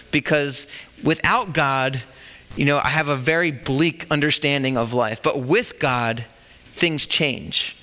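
Bright-voiced pastor preaching a sermon. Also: male voice, on the high side. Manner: conversational preaching with rhetorical questions. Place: church service.

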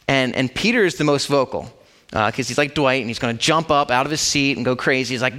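A man's voice: mid-range voice, quick pace, fairly bright tone. A man preaching a sermon in a casual, conversational way, acting out the story as he tells it. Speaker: pastor.

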